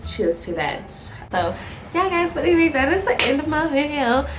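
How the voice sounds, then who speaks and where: Young South African woman, storytime vlogger, lively and sweary, echoey room. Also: sits high, normal speed, over music. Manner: animated, swearing, dramatic storyteller. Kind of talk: storytime vlog.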